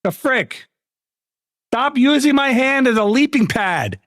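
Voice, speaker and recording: A man's voice: very high-pitched, animated, unhurried, fairly bright tone, dry recording, studio quality. A man streaming a game live, mocking another player with crude, laughing commentary. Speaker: gaming streamer.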